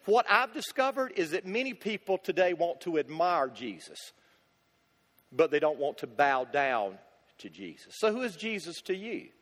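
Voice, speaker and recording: A man delivering a sermon in a high voice that rises and falls with lively swings. He presses his points with rhetorical questions and repeated lines, and his voice rings out with the long reverb of a church sanctuary. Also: moderate pace. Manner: emphatic, builds with rhetorical questions and repetition. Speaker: pastor.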